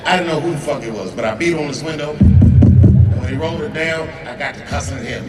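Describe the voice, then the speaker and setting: A man in his forties doing profane, conversational stand-up storytelling with dramatic pauses, on stage in a large outdoor amphitheater. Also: a little high, very noisy. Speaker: stand-up comedian. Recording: distant, echoing amphitheater sound with crowd.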